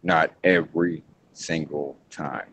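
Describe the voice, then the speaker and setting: A man hosting a casual wrestling podcast, talking in halting bursts with frequent restarts. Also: extremely low pitch, fairly even intonation, a bit bright, a little hiss or hum. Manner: halting, restarts often, hedges before points. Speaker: podcast host. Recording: muffled lo-fi podcast audio.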